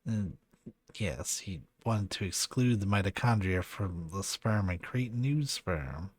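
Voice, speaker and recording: A man reading a calm male researcher. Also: low voice, slow, exaggerated voice. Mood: explaining.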